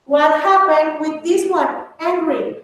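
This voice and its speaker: This woman, a native Spanish speaker, runs an English grammar lesson, slipping Spanish into her explanations and addressing her students as babies. Her high-pitched voice is slow, slightly bright and fairly even in intonation. Picked up from a distance in an echoey room, the audio carries faint noise.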